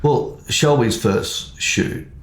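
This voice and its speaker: A man co-hosting a podcast in casual chat, talking in a chatty, animated way and acting out quoted lines. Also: mid-range voice, drawn-out words. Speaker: photographer and podcast co-host. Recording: echoey room.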